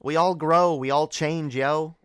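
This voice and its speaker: Slow, sarcastic, profane streamer woman. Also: deep voice, fairly even intonation, clean tone, no echo, clean studio sound. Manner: sarcastic, profane, laughs often. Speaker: livestream host. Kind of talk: casual late-night livestream rant.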